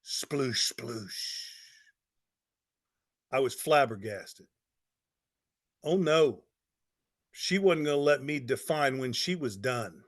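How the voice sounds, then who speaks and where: A man's voice: medium pitch, animated, slow, pauses often. A middle-aged man telling a motivational story in a folksy, emphatic way, with lots of repetition. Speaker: speaker on network marketing.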